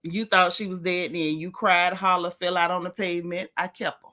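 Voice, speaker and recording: A woman chats live with her viewers, her voice clear and bright. She speaks frankly and with feeling about faith, breaking off to greet people by name. The delivery stays casual and conversational throughout. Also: fairly low pitch, flat delivery, normal speed. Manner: chatty, greets viewers by name between thoughts; frank, heartfelt, faith-filled talk. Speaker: livestream host. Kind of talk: casual livestream chat.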